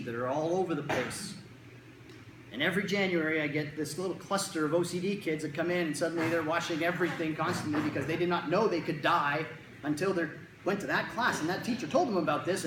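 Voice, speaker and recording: A speaker at a middle pitch gives a talk to parents about anxious children. The speaker keeps slipping into quick put-on kid and parent voices to act out scenes. The sound is roomy, with echo from the hall and faint noise behind. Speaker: child anxiety clinician giving a talk to parents. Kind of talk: talk to a live audience.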